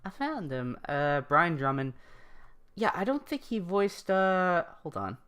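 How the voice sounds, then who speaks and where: A woman co-hosting a casual podcast chat, excitable and swearing freely as she thinks aloud. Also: fairly low pitch, measured pace, smooth. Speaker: podcast co-host.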